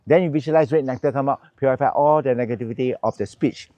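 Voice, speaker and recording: A male Buddhist monk gives a dharma lesson, moving between English and Mandarin as he explains each step. He chants mantra syllables slowly and deliberately, in a mid-range voice. The sound is dry, with little room echo. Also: mid-range voice, mellow, dull audio. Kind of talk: dharma teaching with mantra recitation.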